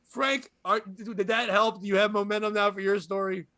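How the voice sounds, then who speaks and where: A man's voice: high-pitched, steady tone, normal speed, bright, forceful tone, no echo. A man hosting a comedy podcast, joking crudely and laughing often in casual banter. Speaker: podcast host.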